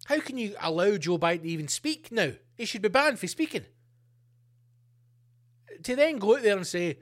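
A man hosting a podcast, ranting comedically with plenty of swearing and animated asides. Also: high voice, normal speed. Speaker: podcast host. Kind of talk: comedic rant.

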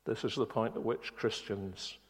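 A man preaching a sermon in a church, speaking earnestly and slowing on key words. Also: lowish voice, fairly even intonation. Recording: long reverb of a church hall.

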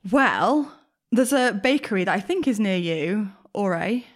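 A woman's voice: medium pitch, expressive, measured pace. A young woman chats on her podcast in a loose, rambling way. She laughs easily and pokes fun at herself as she tells stories. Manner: chatty, self-mocking, laughs often. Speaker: podcast co-host. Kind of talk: casual chat.

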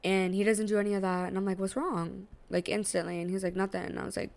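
A woman co-hosting a casual podcast, recounting a story with lots of slang and swearing. Her voice sits in a middle register with plenty of gravelly fry. She tells it in an animated, chatty way. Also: mid-range voice, fast talker. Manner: slangy, profane, animated retelling. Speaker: podcast host.

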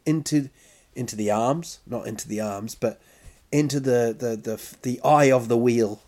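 Guy doing a comedy story, slow and drawn out, mocks himself, does little noises and voices. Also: medium pitch. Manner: animated, self-mocking, acts out sounds and voices. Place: lives in Stockholm.

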